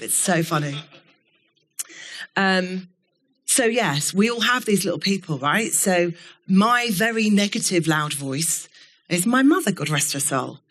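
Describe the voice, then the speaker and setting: A middle-aged woman giving a keynote talk to a live audience, telling stories in a candid, animated way and swearing now and then. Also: lowish voice, normal speed. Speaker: keynote speaker. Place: event studio before an audience.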